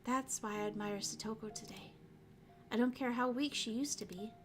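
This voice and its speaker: A woman voicing a calm, gentle young girl while reading a visual novel aloud. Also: fairly high pitch, normal speed, a little hiss or hum, lightly acted.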